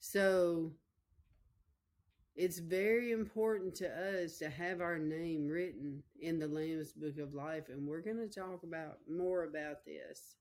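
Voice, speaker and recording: A middle-aged woman delivers a sermon woven through with personal testimony. Her voice sits a little low, and she takes her time, unhurried and deliberate. She tells the story with feeling, circling back on key lines and speaking right to her listeners. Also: steady tone, a little mellow. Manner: emotional, repetitive storytelling, addresses listeners directly. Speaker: preacher.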